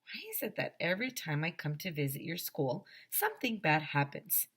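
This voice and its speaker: A woman's voice: low-pitched, expressive, moderate pace, fairly bright tone, slightly rough, heavily acted. A woman reading aloud, voicing an exasperated ninety-year-old lady who is fed up.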